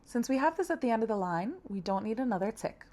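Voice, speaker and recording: A young woman teaching a language lesson, patient and encouraging, sounding out syllables slowly. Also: fairly high pitch, expressive, dark tone. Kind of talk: friendly scripted lesson.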